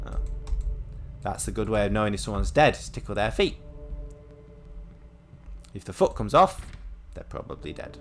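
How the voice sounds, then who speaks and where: A man's voice: fairly low pitch, animated, normal speed, pauses often, a bit bright, a little hiss or hum. A man playing a horror game, cracking jokes and reading its text aloud in a mock-dramatic voice. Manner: jokey, reads on-screen text in a mock-dramatic voice. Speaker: gaming host. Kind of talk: let's play commentary.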